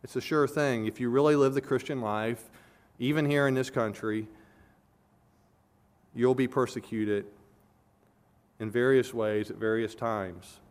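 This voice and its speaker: A man preaching an expository sermon as pastor, earnestly, swelling loud on key words and then dropping low. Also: fairly even intonation, measured pace, pauses often.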